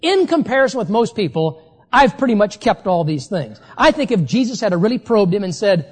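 A preacher giving a sermon, who talks emphatically and slows down to stress key phrases. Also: mid-range voice, sing-song, breathy edge, big-room sound.

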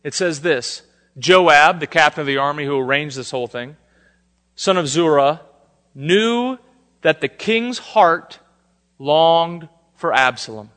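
A man preaching a sermon, shifting between soft, intimate lines and emphatic declarations. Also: fairly high pitch, expressive, takes it slowly. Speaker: pastor. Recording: long hall reverb.

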